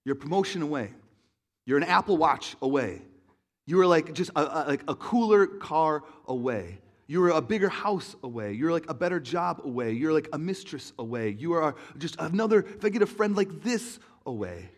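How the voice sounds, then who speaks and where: A young man preaching a sermon in an auditorium, telling stories in an animated way and acting out voices. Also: fairly high pitch, normal speed. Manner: animated storytelling, acts out voices, laughs along. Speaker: pastor.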